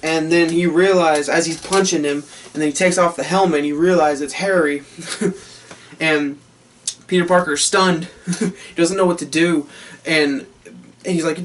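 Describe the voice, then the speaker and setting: A man gushing through a casual film review, swearing and laughing as he retells his favorite scenes. His voice is high for a man. It sounds set back from the microphone. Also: normal speed, pauses often, recorded from a distance. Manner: excited, profane, laughing often.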